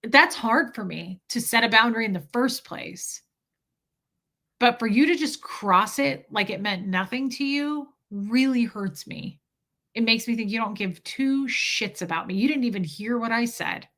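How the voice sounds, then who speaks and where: A woman's voice: fairly high pitch, expressive, unhurried, bright, forceful tone. A woman hosting a casual livestream, talking candidly and emotionally, laughing often and swearing freely as she answers her chat. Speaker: livestream host.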